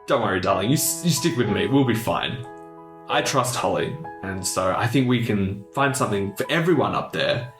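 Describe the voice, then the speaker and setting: A man voicing a prickly woman with a gold snaggle tooth, ranting in a shrill, stammering way. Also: lively intonation, normal speed, lightly acted. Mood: fake-sweet. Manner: shrill exasperated rant with stammers. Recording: roomy mic with music under.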